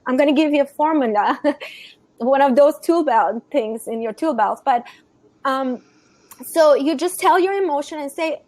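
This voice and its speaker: A woman's voice: high-pitched, lively intonation, normal speed. A woman giving parenting advice as a guest in a conversation, earnest and emphatic, often restarting her sentences and repeating phrases. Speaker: conscious parenting guest expert.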